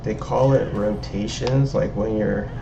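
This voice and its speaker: Slow gravelly guy rambling through stories on a call, dull lo-fi sound, faint noise behind. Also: lowish voice, fairly even intonation. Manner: rambling storyteller, laughs at his own stories. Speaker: game streamer. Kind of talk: casual chat.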